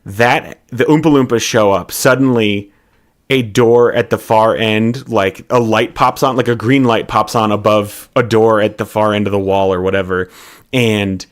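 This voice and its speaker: A man's voice: on the low side, fairly even intonation, moderate pace. A man co-hosting a podcast, casually brainstorming a story with lots of "like" fillers. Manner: rambling, full of "like" fillers. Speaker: podcast co-host.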